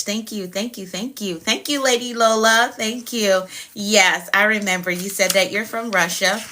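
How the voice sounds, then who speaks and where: A woman who works as a productivity coach, hosting a casual live stream and warmly greeting her viewers by name over and over. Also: lowish voice. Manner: upbeat, welcoming, repeats greetings to viewers by name.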